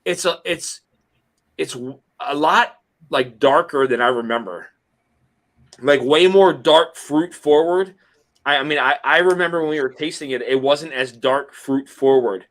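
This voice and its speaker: A man's voice: a little high, measured pace, a bit bright. A man hosting a live group chat, talking loosely and rambling with many restarts. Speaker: host of a whiskey review livestream.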